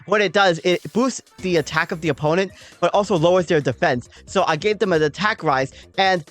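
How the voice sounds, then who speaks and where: A woman's voice: lowish voice, brisk, faint music behind. A woman hosting a gaming channel, talking through a game battle in a casual, chatty way and explaining her thinking with frequent "um" and "like".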